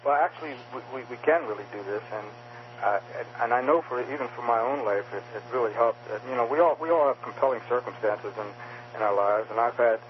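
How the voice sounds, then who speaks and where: A man's voice: mid-range voice, quick pace, dull audio, a little hiss or hum. A male author interviewed about his book, speaking with frequent fillers and restarts. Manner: hesitant, many fillers and restarts. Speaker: author guest.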